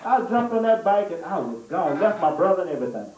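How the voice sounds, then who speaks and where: A man preaching a storytelling sermon, animated and laughing through a comic story. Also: high-pitched, quick pace. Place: church sanctuary. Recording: echoey church room, mic at a distance.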